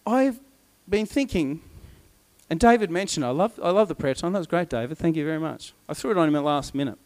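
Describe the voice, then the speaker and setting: A man preaching a sermon, retelling a story in a lively way and acting out the voices of its people. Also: a little high, a little fast.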